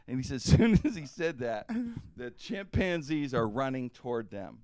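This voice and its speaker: A man's voice: medium pitch, moderate pace. A man hosting a radio talk show, telling a story with lots of laughter and drawling "man". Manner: animated, laughing through his stories, drawls "man". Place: radio studio.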